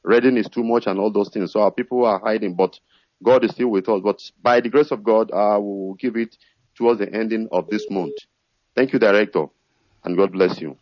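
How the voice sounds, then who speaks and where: A man's voice: on the low side, brisk, dry recording, lo-fi sound. A man on a radio call-in, speaking earnestly and rambling with many fillers. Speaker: caller.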